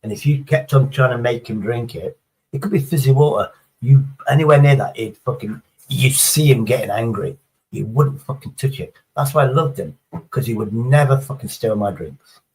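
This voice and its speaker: A man in a live stream, talking in a loose, rambling way and swearing freely. His voice sits at an ordinary middle pitch as he drifts from story to chat and back. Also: moderate pace, a little mellow, low-quality recording.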